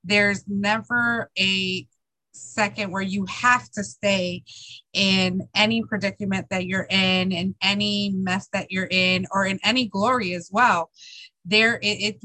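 A woman's voice: mid-range voice, fairly even intonation, a little slow, pushed and bright, no room sound, low-quality recording. A woman hosting a podcast interview, enthusiastic and full of praise for her guest. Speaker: podcast host. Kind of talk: interview chat.

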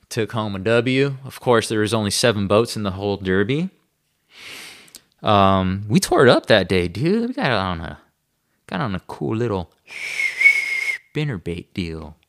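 A man's voice: on the low side, fairly bright tone. A man talking casually to the camera about fishing, in a laid-back, slangy way with frequent chuckles. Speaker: bass fishing angler. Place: room at home.

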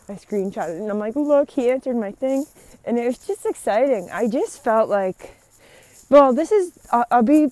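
A woman vlogging in a casual, rambling chat, excitable and gushing as she talks. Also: mid-range voice. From Canada.

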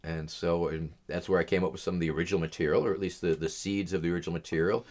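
A middle-aged man speaks in a low, deep register as an interview guest. His storytelling is loose and rambling, and many uh and um fillers fill the pauses between his thoughts. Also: fairly even intonation, a little mellow.

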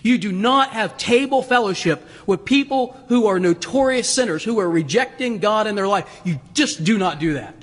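Guy preaching a sermon, high husky voice, lots of chuckles, echo from a big church. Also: normal speed, hardly any pauses. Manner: animated, laughs often, acts out voices. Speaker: pastor.

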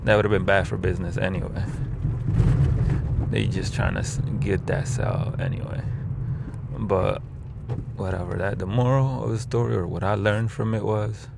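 A man telling a rambling, profane story from his car about his rideshare driving, switching into animated quoted voices. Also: low-pitched, moderate pace, gravelly, very noisy. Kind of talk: casual storytelling.

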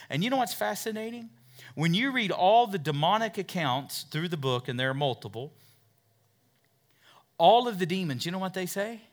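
A middle-aged male pastor preaching a sermon in a church, asking the congregation questions and swinging from loud, emphatic lines to hushed, near-whispered appeals. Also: a little high. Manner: asks the congregation questions and repeats words as he builds.

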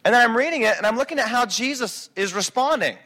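A man preaching a sermon as a pastor, swinging between quiet reflection and loud, driving emphasis. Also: very high-pitched, animated, quick pace.

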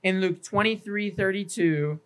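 A man's voice: high-pitched, measured pace, a bit bright, rough recording. A man, a pastor, preaching an earnest sermon at a church evening service, working through numbered points and scripture references, sometimes stumbling and repeating a word. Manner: stumbles and repeats words now and then.

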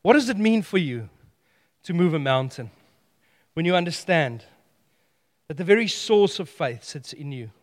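A man preaching a sermon, animated and playful, telling stories with humor. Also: fairly high pitch, normal speed, long pauses, long reverb tail.

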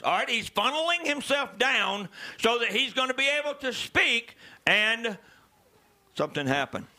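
A male preacher delivering a sermon, dropping to low murmurs and rising to shouted calls to the congregation. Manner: swings from low murmurs to loud shouted exhortations.

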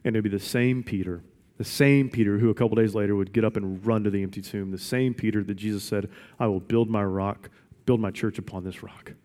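A man's voice: lowish voice, fairly even intonation, brisk, warm tone. Man preaching in an echoing hall. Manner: emphatic, repeats questions for weight. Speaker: pastor. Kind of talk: sermon. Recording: long reverb of a large hall.

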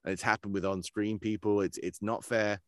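A man who works as a voice actor, chatting casually in an interview and telling animated stories. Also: fairly low pitch, brisk, no echo, studio quality. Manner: animated storyteller who slips into character voices. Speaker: voice actor guest.

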